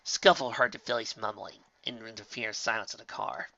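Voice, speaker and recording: A man narrating a fan fiction story as an audiobook reader, in steady storytelling. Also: on the low side, moderate pace, vocal fry, no room sound. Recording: dull lo-fi dry recording.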